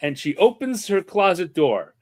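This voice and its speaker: A man's voice: high voice, moderate pace. A man telling a long personal story in a casual talk, acting out what people said. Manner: animated, acts out quotes. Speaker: guest artist and podcaster. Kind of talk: anecdotal storytelling in conversation.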